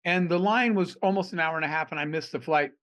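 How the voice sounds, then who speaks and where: A middle-aged man from Arizona, an entrepreneur guest on a podcast, telling animated stories and acting out the dialogue. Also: on the high side, fast talker. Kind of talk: storytelling in a podcast interview.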